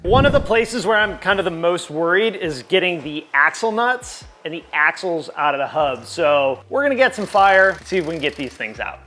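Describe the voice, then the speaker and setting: A man's voice: on the high side, sing-song, moderate pace, few pauses, pushed and bright. A man hosting a car project video, joking and explaining as he works in a garage. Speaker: host, mechanic. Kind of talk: casual garage chat.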